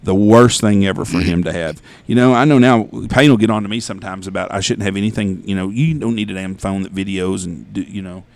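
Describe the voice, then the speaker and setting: A man's voice: low voice, fairly quick, few pauses, dry recording. A man, telling stories in a casual, profane chat. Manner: animated, profane storytelling.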